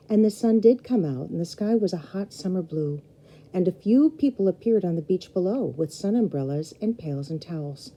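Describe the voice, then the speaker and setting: A woman reading a children's novel aloud chapter by chapter, expressive and speaking directly to young listeners. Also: lowish voice, moderate pace, rough recording. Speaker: storybook reader.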